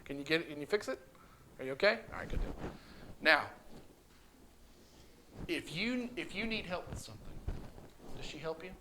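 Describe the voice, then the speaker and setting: Man, church class teacher, animated and coaxing, slight noise behind. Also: on the high side, moderate pace, long pauses. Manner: coaxing, asks questions over and over. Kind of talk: children's catechism class.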